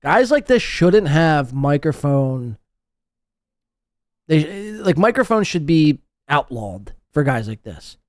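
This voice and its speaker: Animated, mocking male podcast host. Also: fairly high pitch, slow pace, no room sound, clean studio sound. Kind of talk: profane commentary over played clips.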